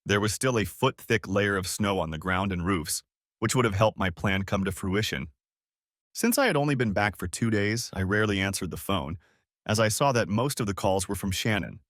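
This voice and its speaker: A man's voice: fairly low pitch, expressive, normal speed, a bit bright, dry recording, clean studio sound. A man reading a first-person revenge story aloud in a cold, bitter tone. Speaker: narrator.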